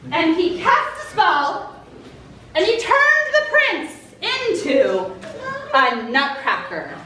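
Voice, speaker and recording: A woman leading a children's show, telling a fairy tale and calling out questions to the kids in an animated way. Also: very high-pitched, slow pace. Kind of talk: interactive storytelling to children. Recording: echoey hall from far off, noisy.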